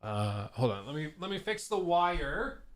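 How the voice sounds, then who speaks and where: Slightly high and sing-song, this man's voice is unhurried, and the recording is dry. Coming down with a cold, he streams gaming news in a casual, jokey chat. He rambles, restarts often and pokes fun at himself.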